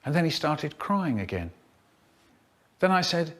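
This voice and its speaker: A man telling a children's story in a spliced comic edit, with drawn-out words and sudden squeaky jumps in pitch. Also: animated, fairly bright tone.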